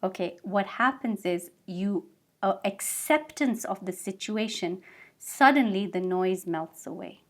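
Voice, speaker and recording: A woman's voice: medium pitch, animated, unhurried. A woman guest in a studio interview, patiently explaining ideas with everyday examples and frequent check-ins with her listener. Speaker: guest mindfulness expert.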